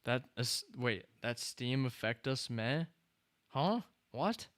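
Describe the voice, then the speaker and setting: A man hosting a live stream, chatting casually and reacting excitedly to the screen and his chat. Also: medium pitch, slow pace, clear, resonant tone, no echo. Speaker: streamer host.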